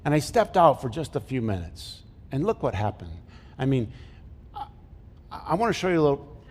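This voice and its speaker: A middle-aged male pastor with a medium-pitched, slightly mellow voice preaches a conversational sermon at normal speed, very animated and pausing often. He jokes and asks the congregation questions along the way, with long hall reverb from the church sanctuary.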